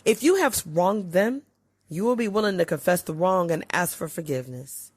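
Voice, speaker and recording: A woman podcast host reading aloud from a relationship book, with expressive swings in pitch and loudness. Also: moderate pace, slightly rough, no room sound.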